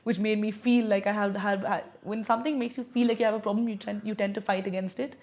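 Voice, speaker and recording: A young woman speaks candidly in an interview, reflecting as she talks and often stopping to restart a thought. Her voice sits at an ordinary middle pitch. The audio is slightly dull and lo-fi. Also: steady tone, fast talker. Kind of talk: personal testimony.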